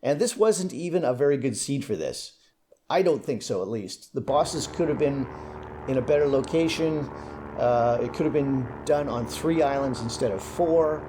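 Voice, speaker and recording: A young man giving relaxed, casual commentary over his own gameplay, thinking aloud as he plays. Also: medium pitch, moderate pace, noisy background. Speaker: gaming commentator.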